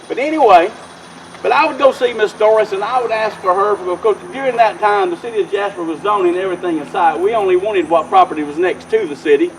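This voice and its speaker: High-voiced man rambling at a park dedication. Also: fast, slight background noise, low-quality recording. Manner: rambling, folksy, repeats himself and restarts. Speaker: mayor giving a dedication speech. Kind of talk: informal public speech. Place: outdoors at a park ceremony.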